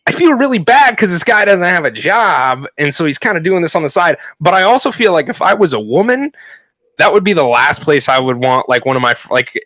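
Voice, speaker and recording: A man co-hosting a podcast, telling a long story in a casual, animated way, with frequent swearing and fillers. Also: fairly high pitch, brisk, no room sound. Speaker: podcast co-host.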